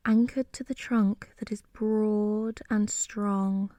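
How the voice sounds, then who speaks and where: Woman narrator, whispered role-play, dry close mic, flat gentle whisper. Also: mid-range voice, no room sound. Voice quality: soft whispering. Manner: slow, soothing rhyming narration. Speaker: sleep story narrator.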